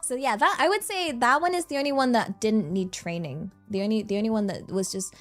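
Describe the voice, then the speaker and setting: A woman's voice: on the high side, fairly quick, soft background music. A woman from England with a rural English accent, chatting casually on a stream, giggly and rambling. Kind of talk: casual chat.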